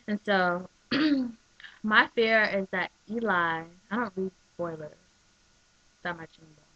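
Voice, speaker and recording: Chatty, excitable woman vlogger, mid-pitched, dull webcam audio. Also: slow pace, dry recording. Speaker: soap opera recap vlogger. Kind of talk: casual chat.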